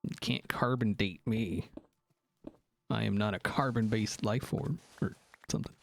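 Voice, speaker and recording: A man's voice: fairly low pitch, measured pace, vocal fry. A man chatting casually on a live stream, joking around and reacting to viewers' comments. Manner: animated, joking, reacting to chat.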